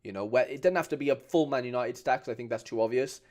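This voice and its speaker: A man's voice: medium pitch, fast, darkish tone. Chatty man on a live stream. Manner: chatty, informal, reads viewer comments aloud, frequent restarts. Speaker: streamer reviewing fan card collections. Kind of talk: casual live stream chat.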